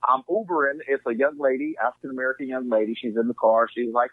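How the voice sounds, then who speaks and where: A man's voice: medium pitch, fairly even intonation, fast talker, dry recording. A man from Southern California, a podcast guest, talking earnestly and casually with lots of fillers. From Inglewood, California. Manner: earnest, heartfelt, filler-heavy. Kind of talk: casual conversation. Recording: tinny phone-like line, dry.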